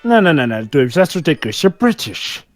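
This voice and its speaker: Teasing co-host, high and animated. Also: male voice, a little fast, faint music behind. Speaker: co-commentator. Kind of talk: casual banter.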